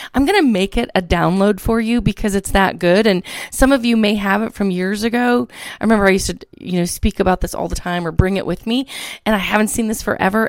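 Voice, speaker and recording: Woman motivational podcaster, bit hoarse n tired, peppy, fry in her voice. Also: mid-range voice, dry recording, studio quality. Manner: energetic, exclaiming, asks listeners for responses. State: tired, a little hoarse from early speaking. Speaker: podcast host, motivational speaker.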